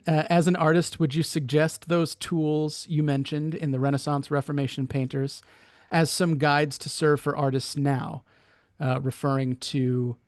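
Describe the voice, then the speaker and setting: A man's voice: a little high, darkish tone, no echo, studio quality. A man reading out a viewer's question to the panel, with self-deprecating, apologetic asides.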